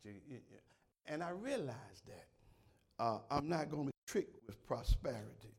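A man preaching a sermon, swinging from shouted exclamations to quiet prayer and repeating words as he calls out to his congregation. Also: on the high side, big pitch swings, moderate pace, husky. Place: church.

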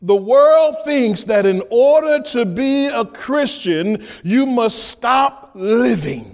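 A man preaching a sermon to his congregation, repeating key lines, asking the room questions and rising at times to a shout. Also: very high-pitched, expressive, slow pace. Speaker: pastor.

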